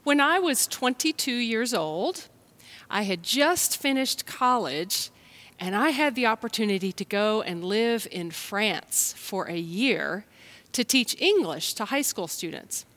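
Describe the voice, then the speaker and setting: A woman from the United States, a pastor telling a children's story and preaching a sermon in a gentle storytelling manner. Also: mid-range voice, animated, a little slow. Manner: gentle, storytelling, speaks straight to listeners.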